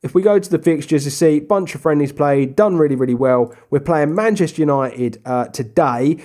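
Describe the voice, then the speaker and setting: A young man casually commentating his own football management game, chatty, with sudden bursts of excited shouting. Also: fairly high pitch, fairly quick. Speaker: gaming YouTuber. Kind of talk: casual Let's Play commentary.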